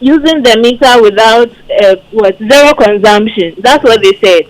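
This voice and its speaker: A woman's voice: on the high side, animated, moderate pace, low-quality recording. A woman calling a radio show and explaining her grievance in detail. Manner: aggrieved, detailed account. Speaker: caller. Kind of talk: call-in complaint.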